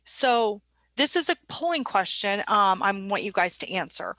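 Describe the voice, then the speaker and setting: A woman's voice: medium pitch, expressive, normal speed, bright, forceful tone, dry recording. A woman presenting a staff training webinar in a conversational way, putting questions to her audience.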